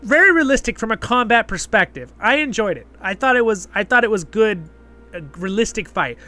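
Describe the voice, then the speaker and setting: A man talks through a review in a loose, rambling way, tossing in fillers and asking "right?" as he goes. His voice sits high and sounds bright and forceful. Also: lively intonation, fairly quick, soft background music. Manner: chatty, rambling, filler-heavy with frequent "right?" checks. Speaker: host and show reviewer. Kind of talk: casual spoken review.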